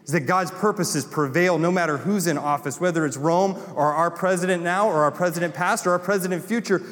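A Southern man preaching with rising passion, his voice sitting a touch high for a man. Long reverb trails off every phrase, as in a big hall. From North Carolina. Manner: impassioned, builds to emphatic repeated lines. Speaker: pastor. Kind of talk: sermon.

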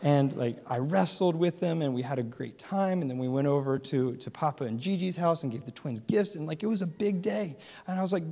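A man in his thirties preaching a sermon, telling a family story with lively acted-out dialogue and frequent laughs. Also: on the high side, brisk, few pauses. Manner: animated storytelling, acts out dialogue, laughs often. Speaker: pastor. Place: church hall. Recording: hall with long reverb.

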